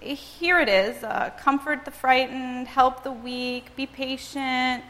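A woman's voice: high-pitched, fairly even intonation, slow, bright, forceful tone, voice pushed up, exaggerated voice. A woman voicing an anxious, reluctant younger sister who exclaims and wails in complaint. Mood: fretful. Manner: exclaiming, wailing, grudging. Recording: long reverb, as in a large hall.

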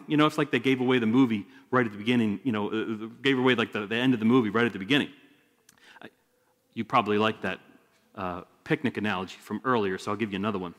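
A man's voice: fairly low pitch, quick pace, fairly bright tone. Chatty male pastor preaching in a reverberant hall. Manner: conversational, joking asides. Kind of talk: sermon. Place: church sanctuary.

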